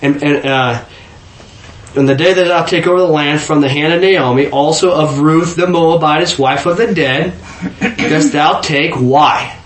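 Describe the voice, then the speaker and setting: A man's voice: fairly high pitch, unhurried, reverberant. Man teaching a small Bible study group. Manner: questioning, repeats words, asks the group.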